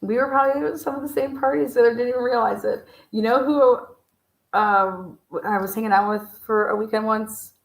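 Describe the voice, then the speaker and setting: A woman's voice: fairly high pitch, normal speed. A young woman hosting a livestream, telling casual stories in a profane, chatty way with frequent laughs. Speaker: livestream host. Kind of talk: casual storytelling chat. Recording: echoey room.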